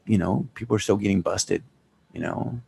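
A man's voice: deep voice, normal speed, gravelly, a little mellow, breathy edge. A man with a Chicano accent co-hosting a podcast, swearing freely and mixing in Spanish slang. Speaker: podcast co-host. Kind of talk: casual chat.

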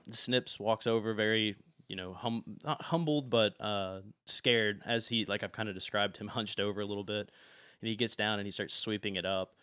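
A young man running a tabletop game as game master, narrating in a relaxed way with many fillers. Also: fairly low pitch, moderate pace, no echo, clean studio sound.

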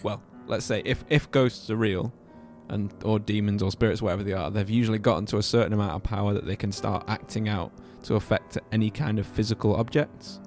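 A man co-hosting a casual chat, quick to react and speculate. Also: fairly low pitch, steady tone, a little mellow, soft background music. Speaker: co-host.

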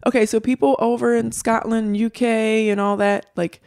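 A middle-aged woman co-hosting a podcast, telling stories in an animated, chatty way and laughing often. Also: a little high, normal speed, creaky, clean tone, no echo, clean studio sound. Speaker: podcast co-host. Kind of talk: casual chat.

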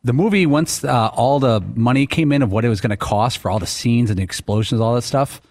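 A man's voice: mid-range voice, a little fast, a little mellow, no echo. Enthusiastic male co-host, dry sound. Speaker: show regular, co-host. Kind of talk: casual sports talk.

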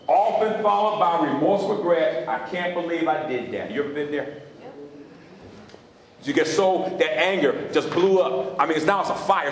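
A man's voice: high voice, a little hiss or hum. A man preaching a sermon as pastor, questioning his congregation in call-and-response style from a church sanctuary. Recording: echoey hall.

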